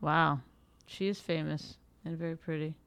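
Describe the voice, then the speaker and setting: A woman's voice: low-pitched, steady tone, normal speed, vocal fry, fairly bright tone, clear, resonant tone, no echo. A woman co-hosting a podcast in casual chat, blunt and teasing, cutting in with pointed questions. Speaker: podcast co-host.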